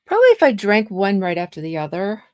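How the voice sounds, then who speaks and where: A woman's voice: medium pitch, huge pitch swings, quick pace, a little mellow, no echo, clean studio sound. Chatty woman telling rambling stories. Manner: chatty, rambling anecdotes with quoted voices. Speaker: podcast co-host. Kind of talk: casual chat.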